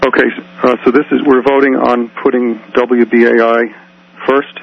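Hesitant husky man on a dull line. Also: medium pitch, flat delivery, moderate pace. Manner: hesitant, many uhs and ums. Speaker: committee secretary. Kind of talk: phone conference meeting.

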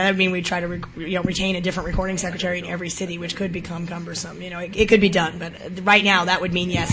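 Halting woman chairing a board meeting. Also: on the low side, fairly bright tone. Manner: hesitant, many fillers, turns firm when calling for order. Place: large meeting room.

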